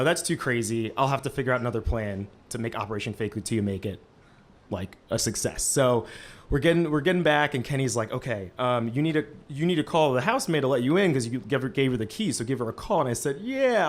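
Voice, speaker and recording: A man in his twenties telling a lively first-person story on a small stage, talking through a microphone and filling his sentences with "like". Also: medium pitch. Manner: lively, heavy use of "like" fillers. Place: stage of a small live-event venue.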